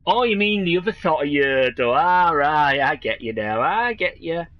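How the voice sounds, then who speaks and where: A man's voice: a little high, animated, moderate pace, dry recording, dull audio. A man streaming a video game, chatting in rambling, joking asides. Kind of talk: casual game commentary. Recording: voice over game music.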